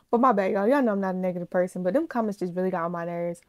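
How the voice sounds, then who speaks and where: A woman reaction vlogger in a casual chat to her viewers, speaking, animated, gushing and emotional. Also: mid-range voice, rapid-fire, few pauses, no echo, clean studio sound. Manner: chatty, animated, addresses viewers as y'all.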